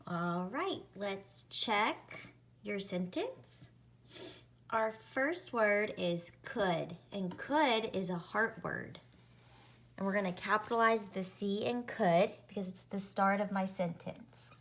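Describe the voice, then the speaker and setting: A woman teacher leading an early-reading spelling lesson, sounding out words and letters deliberately. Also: mid-range voice, a bit bright.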